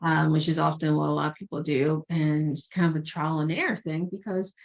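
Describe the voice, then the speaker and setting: Woman career coach, casual explainer, rambling and chatty, lowish voice, dull lo-fi recording. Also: fairly even intonation, a little fast, vocal fry. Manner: chatty and digressive, self-correcting. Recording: dull lo-fi sound.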